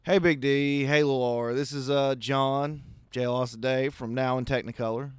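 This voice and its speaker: Earnest rambling caller, crisp and dry. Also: male voice, mid-range voice, steady tone, unhurried, dry recording. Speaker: caller, longtime listener. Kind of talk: recorded voice message.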